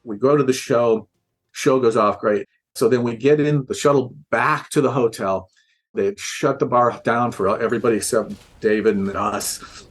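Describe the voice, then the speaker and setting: A man, a guest on a podcast, telling a relaxed anecdote and acting out the voices of the people in it. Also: medium pitch, moderate pace, breathy edge, soft background music. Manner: relaxed storyteller, acts out quoted voices. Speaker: interviewed guest telling a story. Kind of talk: casual anecdote.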